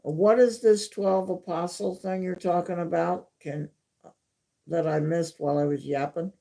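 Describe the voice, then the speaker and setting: A woman's voice: on the low side, fairly even intonation, measured pace, gravelly, mellow. A woman hosting a livestream from home, telling stories in a chatty, casual way and repeating herself for emphasis. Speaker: livestream host. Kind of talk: casual storytelling.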